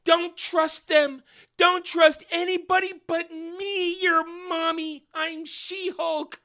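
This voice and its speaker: A man voicing a panicked mother in a mocking, shrieking falsetto parody. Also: flat delivery, slow, pushed and bright, exaggerated voice. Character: shrill panicked mother, a sci-fi prisoner, woman.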